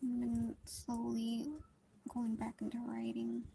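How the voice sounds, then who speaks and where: Soft-spoken young woman rambling casually. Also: a little high, completely flat delivery, slow, vocal fry, slight background noise. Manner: rambling, filler-heavy storytelling with soft whispered stretches. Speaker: drawing streamer. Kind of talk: casual chat while drawing.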